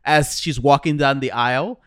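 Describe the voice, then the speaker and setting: Male podcast co-host, mid pitch, stammers and restarts, dry close sound. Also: smooth, no room sound. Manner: halting, repeats words, enthusiastic. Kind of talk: casual chat.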